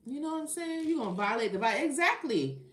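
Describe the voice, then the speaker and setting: A woman's voice: high voice, expressive, quick pace, a bit bright, reverberant. A woman reading tarot on a live stream, chatting casually with her viewers and getting indignant at rude comments. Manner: casual, talks to chat, gets heated and indignant. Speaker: tarot reader.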